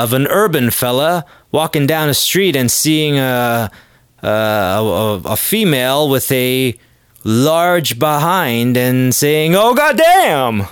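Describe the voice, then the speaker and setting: A man hosting a podcast, delivering a crude, joking solo monologue with sudden loud exclamations. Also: medium pitch, clean tone, no room sound, studio quality. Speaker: podcast host. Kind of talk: casual comedic monologue.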